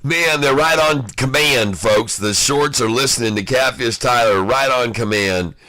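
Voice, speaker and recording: A man giving live day-trading commentary, excitable and taunting, calling out prices and addressing viewers as folks. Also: medium pitch, unhurried, dry recording. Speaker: stock day-trader streaming live.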